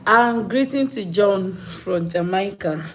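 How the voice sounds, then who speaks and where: A woman's voice: mid-range voice, takes it slowly, a little hiss or hum. A woman hosting a casual livestream, chatting with viewers and greeting them by name. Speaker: livestream host.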